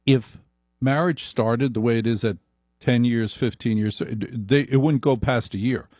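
A man delivering a comic monologue in a slow, deliberate, wry manner. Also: medium pitch, darkish tone, no room sound, clean studio sound.

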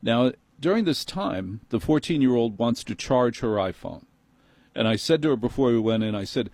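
A middle-aged New York man rants through a comic story, exasperated and quick to needle. His voice sits in an ordinary male range and sounds dry and close, with no room around it. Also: mid-range voice, expressive, a little mellow, no room sound. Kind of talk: comic monologue.

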